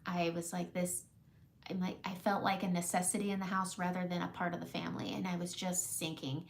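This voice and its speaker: A woman makeup vlogger talking casually and warmly to her viewers, emotional and close to tears at times, often laughing. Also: fairly low pitch, slight background noise. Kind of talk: casual heartfelt talk to camera.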